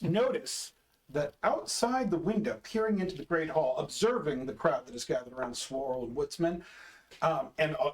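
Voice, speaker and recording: A man narrating as game master, slowing down for vivid descriptions. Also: a little high, low-quality recording.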